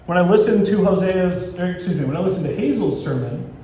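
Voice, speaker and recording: A man's voice: high-pitched, animated, brisk, mellow. A man preaching a sermon as pastor, telling stories and acting out voices of God and the people. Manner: storytelling, acting out dialogue between God and people. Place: church. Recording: echoey church sanctuary with faint ambient noise.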